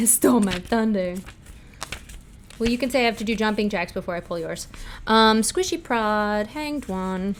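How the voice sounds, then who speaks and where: A woman's voice: medium pitch, measured pace, slight background noise. A woman hosting a casual livestream, chatting and giggling as she reads tarot cards for her viewers. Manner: giggly and chatty, answering chat. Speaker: livestream host.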